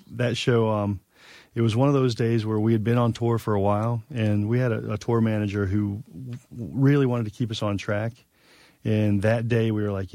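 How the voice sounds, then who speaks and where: A man's voice: lowish voice, mellow, no echo, studio quality. Profane rambling man telling tour stories. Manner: rambling, profane, many fillers. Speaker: guest musician. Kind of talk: casual storytelling.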